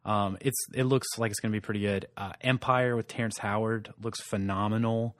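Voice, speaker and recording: A man's voice: fairly low pitch, steady tone, a little fast, a bit bright, dry recording, clean studio sound. A man co-hosting a casual pop-culture podcast, talking in a chatty, enthusiastic way. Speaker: podcast co-host.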